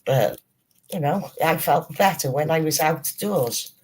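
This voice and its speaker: A man hosting a livestream, telling stories in a casual, animated way with plenty of swearing. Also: fairly high pitch, a little slow. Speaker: streamer host.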